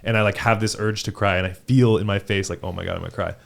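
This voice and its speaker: A man's voice: lowish voice, steady tone, quick pace, gravelly. A man, a volleyball player and podcast co-host, talking earnestly and with energy, saying "dude" and "bro". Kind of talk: casual chat.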